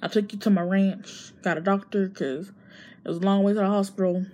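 A woman's voice: medium pitch, fairly even intonation, a little fast, darkish tone, a little hiss or hum, lightly acted. A woman voicing a blunt, suspicious male ranch owner who talks matter-of-factly. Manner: blunt, cursing, matter-of-fact.

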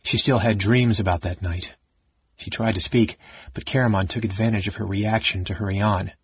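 A man narrating a fantasy novel audiobook in an even, steady storytelling manner. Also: fairly low pitch, normal speed, slightly rough. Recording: dull lo-fi audiobook recording.

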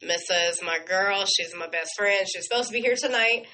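A woman's voice: mid-range voice, a little fast, bright, forceful tone, slight background noise, low-quality recording. A woman co-hosting a radio show, telling stories in a chatty, gushing way. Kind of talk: casual on-air chat.

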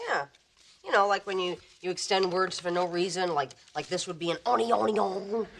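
A woman's voice: lowish voice, fairly quick, vocal fry. A woman playing a wife who talks in a dry, sarcastic way. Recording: noisy TV sitcom audio.

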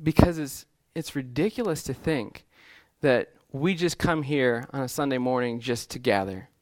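A man's voice: medium pitch, normal speed, darkish tone, no room sound, clean studio sound. A man preaching a sermon in an earnest way, often restarting phrases and building to emphatic lists. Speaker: pastor.

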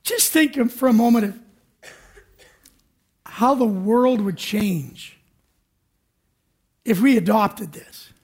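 A man with a very high voice gives a sermon in church. He tells a personal story in a chatty, self-mocking way and acts out his own panic. It is recorded for radio. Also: lively intonation, slow pace, long pauses, darkish tone, husky. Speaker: pastor.

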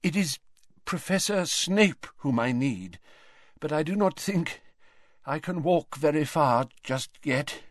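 A man voicing a weakened, elderly wizard who stays calm and in command, speaking slowly and quietly. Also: on the high side, no echo, voice pushed up. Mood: weak.

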